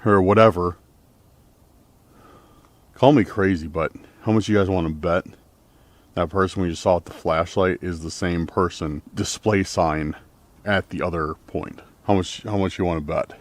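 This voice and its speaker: A man's voice: low voice, fairly even intonation, normal speed, long pauses. A man vlogging to camera on a forest trail at night, rambling uneasily and packing his talk with fillers. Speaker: outdoor vlogger exploring trails.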